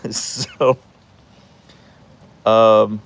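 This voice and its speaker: A man hosting a casual live stream outdoors in light rain, chatting with viewers in an animated way. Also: on the low side, drawn-out words. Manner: chatty and animated, acting out his dogs in funny voices. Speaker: host answering live chat.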